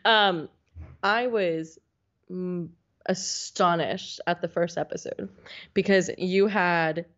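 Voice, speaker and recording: Quick-talking woman co-hosting a podcast. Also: on the low side, highs cut off. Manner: quick, animated reactions. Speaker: podcast co-host. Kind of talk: casual podcast chat.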